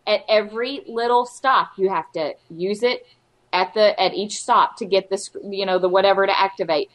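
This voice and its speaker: A woman's voice: mid-range voice, normal speed, a bit bright. A woman co-hosting a podcast in casual chat, telling a rambling, exasperated story and acting out the lines she quotes in exaggerated voices. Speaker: podcast co-host.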